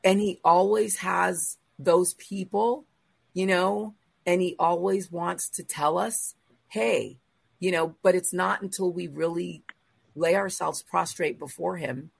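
A woman hosting a faith talk show, telling a personal story in an emotional, animated way with quoted asides. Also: lowish voice, unhurried, vocal fry, breathy edge, no echo. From Los Angeles area. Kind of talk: casual storytelling in a group chat.

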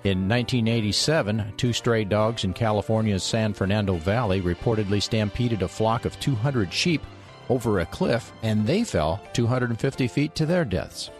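A man with a low voice hosting a radio Bible program. He reads a scripted introduction and drops in light humorous asides. Soft music plays faintly underneath. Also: moderate pace.

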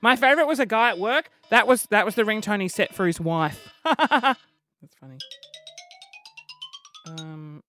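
A man's voice: high voice, a little slow, long pauses, faint music behind. A man, hosting a comedic podcast monologue full of exasperated, swearing rants. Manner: animated, exasperated ranting with swearing and playful impressions. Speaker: podcast host.

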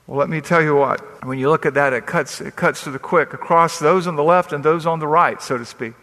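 A man's voice: a little high, a little fast, hardly any pauses, pushed and bright. Preaching man in an echoing hall. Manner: emphatic, storytelling with quoted dialogue. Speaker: pastor. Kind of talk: sermon. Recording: long reverb of a large hall.

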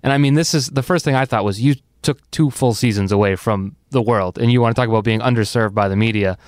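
Quick, smooth-voiced male podcast guest. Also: medium pitch, no echo, studio quality. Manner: blunt, exasperated. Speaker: podcast guest, sports blogger. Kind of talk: casual sports chat.

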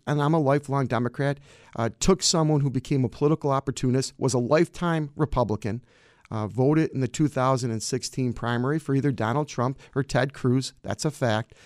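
A man's voice: mid-range voice, a little fast, darkish tone, dry recording. Fired-up new guy pushing his campaign, dry sound. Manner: emphatic, combative politician. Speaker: county clerk. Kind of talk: campaign interview answers.

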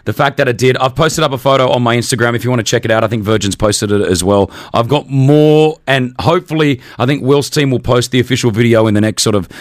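A man in his thirties, a radio host, chatting excitedly with many restarts and fillers. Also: mid-range voice, quick pace, hardly any pauses, no room sound, studio quality. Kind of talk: casual radio chat.

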